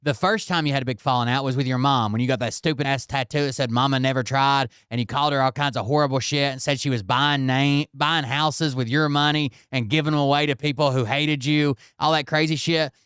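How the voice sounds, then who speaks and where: Blunt, sarcastic man with a smooth, dry voice. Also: mid-range voice, steady tone, fairly quick, few pauses, a bit bright, no echo. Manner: blunt, sarcastic, profane asides. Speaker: commentator reacting to a clip. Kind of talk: casual reaction commentary.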